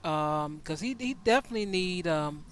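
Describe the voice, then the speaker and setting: Bright-voiced man musing uneasily. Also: on the high side, animated, normal speed, slight background noise. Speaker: co-host. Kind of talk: casual reaction chat.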